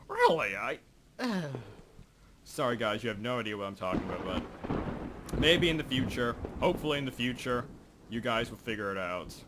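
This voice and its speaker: A young man with a lowish voice talks casually into his microphone over a horror game, rambling, cracking jokes at his own expense and reading on-screen text aloud. A clear hiss of background noise sits under the recording. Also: sharp tone. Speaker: gaming video host. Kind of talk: casual let's play commentary. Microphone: desk microphone.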